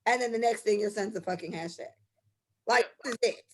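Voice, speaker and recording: A woman's voice: mid-range voice, fairly quick, slight background noise. Impassioned, profane young woman. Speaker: podcast co-host. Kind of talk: casual podcast chat.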